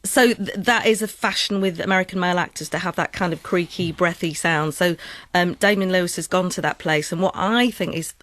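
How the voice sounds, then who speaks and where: A woman's voice: lowish voice, brisk, no room sound. Northern English woman voice coach explaining. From Northern England. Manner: animated, explanatory, mimics accents. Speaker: voice coach, guest. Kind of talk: radio interview. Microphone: studio mic, dry.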